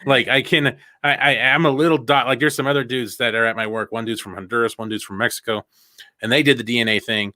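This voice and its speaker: A man's voice: mid-range voice, fairly even intonation, quick pace, pushed and bright, no echo, clean studio sound. A man co-hosting a podcast in casual, joking chat, swearing freely and laughing often. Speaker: podcast co-host.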